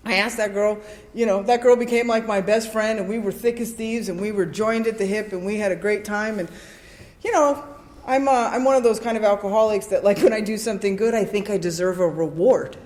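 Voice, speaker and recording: A woman speaking at a recovery convention, sharing her story with an animated, comic storytelling style and frequent "right?" asides to the audience. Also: mid-range voice, a little fast, roomy sound. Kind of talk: personal recovery share before a live audience. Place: convention hall with a live audience.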